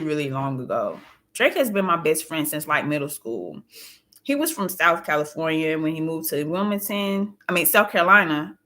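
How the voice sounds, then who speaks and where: A woman's voice: lowish voice, fairly bright tone. A woman reading a first-person audiobook in a plain, confiding storytelling voice. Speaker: audiobook narrator.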